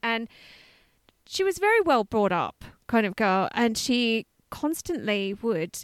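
A woman's voice: fairly high pitch, takes it slowly, clean tone, no echo. A woman in her thirties co-hosting a podcast, wondering aloud in casual chat. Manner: animated, laughs often, wonders aloud. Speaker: podcast co-host.

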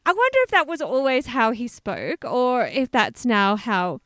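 A woman's voice: on the high side, unhurried, no room sound. A woman in her thirties co-hosting a podcast, wondering aloud in casual chat. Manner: animated, laughs often, wonders aloud. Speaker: podcast co-host.

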